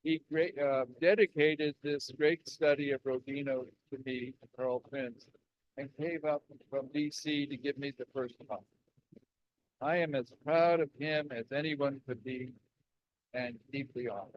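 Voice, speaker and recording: An older man giving a formal introduction to a talk, halting and reading from notes. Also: medium pitch, steady tone, dull audio, a little hiss or hum. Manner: hesitant, reads from notes. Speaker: event introducer.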